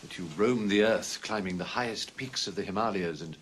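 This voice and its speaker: An actor playing a flamboyant, witty middle-aged Victorian writer who talks in florid, languid phrases. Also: male voice, on the low side, brisk, fairly bright tone, a little hiss or hum, lightly acted. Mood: teasing. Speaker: celebrated writer and father. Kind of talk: period film acting.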